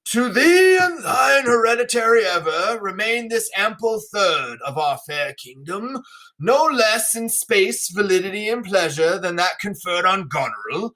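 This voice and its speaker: A male teacher reading aloud the part of a proud, furious aging king in a classroom read-through, slow and declaiming. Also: sits high, sing-song, pitched above the performer's own voice, full character voice. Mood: grand. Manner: slow, declaiming, rising to shouts.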